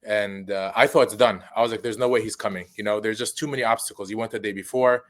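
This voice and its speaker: A man's voice: on the low side, steady tone, quick pace. A man hosting a conversation, sharing thoughtful reflections with some hesitation. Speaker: host.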